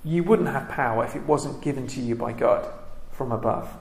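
Halting man teaching scripture. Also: medium pitch, echoey room. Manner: reflective, halting with many ums and restarts. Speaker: Bible teacher. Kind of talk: Bible study talk.

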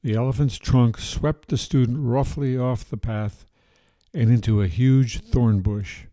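A man hosting a podcast, calmly narrating a retold ancient story in a measured way. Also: mid-range voice, no room sound.

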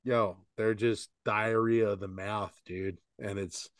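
A man's voice: fairly low pitch, flat delivery, slow, no room sound, clean studio sound. A man in his forties co-hosting a podcast, chatting casually and peppering his talk with "dude" and "like". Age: 40s. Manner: loose and slangy, peppered with "dude" and "like". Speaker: podcast co-host. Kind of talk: casual chat.

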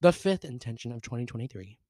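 A young man in his twenties with a Southern US accent hosts a casual solo podcast, rambling in an upbeat way with lots of fillers, laughs and theatrical jumps in pitch. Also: lively intonation, fast, dark tone, no echo. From American South. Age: 20s. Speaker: podcast host.

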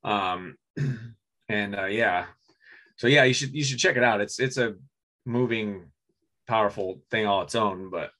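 A man co-hosting a casual movie podcast, rambling with many restarts and frequent throat clearing. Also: lowish voice, a little slow, long pauses, bright, forceful tone. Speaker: podcast co-host. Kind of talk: casual chat about movies.

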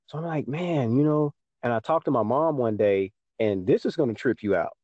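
A man's voice: mid-range voice, lively intonation, moderate pace, darkish tone, no echo, dull audio. Young man telling a story. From Texas. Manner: storytelling, acts out dialogue with mom. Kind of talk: casual podcast chat.

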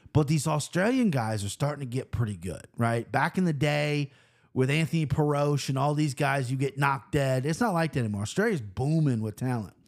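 A man hosting a fight-betting show, talking in a rambling, profane, animated way. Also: a little high. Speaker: host of a fight-picks show. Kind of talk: casual betting chat.

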